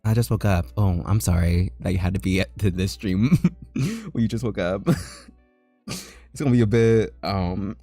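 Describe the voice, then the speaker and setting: A man chatting on a casual livestream while he draws, loud and jokey, full of "like" fillers. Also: fairly low pitch, normal speed, no echo, faint music behind. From United States. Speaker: livestreaming artist.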